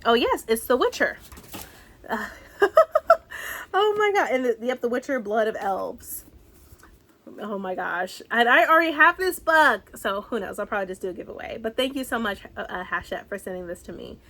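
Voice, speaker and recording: A woman in her thirties chatting excitedly through a book haul, gushing and sometimes dropping to a whisper. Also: fairly high pitch, fairly quick. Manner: bubbly, excitable, gushing, slips into soft whispers. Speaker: book vlogger. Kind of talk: casual book haul chat.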